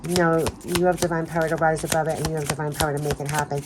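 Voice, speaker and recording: A woman's voice: low-pitched, level tone, rapid-fire, noisy background. A woman doing an emotional spiritual card reading, talking in a gushing, emphatic way and repeating phrases, her voice giving out. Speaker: tarot card reader.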